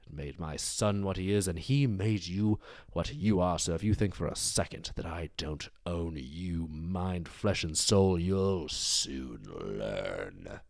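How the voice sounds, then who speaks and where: A man voicing a cruel, menacing older queen in a storytelling show, speaking slowly and quietly with venom. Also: sits low, expressive, gravelly, dry recording, studio quality, full character voice. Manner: slow, quiet, venomous delivery.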